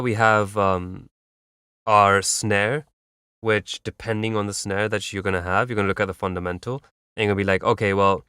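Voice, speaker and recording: A man's voice: on the low side, fairly bright tone, clean tone, no echo, studio quality. A man giving loose, instructive mixing feedback on a track, humming beats and using plenty of fillers. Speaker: music feedback streamer. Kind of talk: casual mixing advice.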